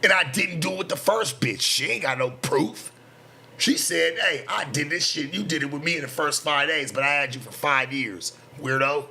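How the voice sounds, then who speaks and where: This man in his thirties hosts a late night talk show and swears his way through a boastful, defensive, slang-heavy casual rant. His voice is on the high side, sharp with vocal fry, at a moderate pace with slight background noise.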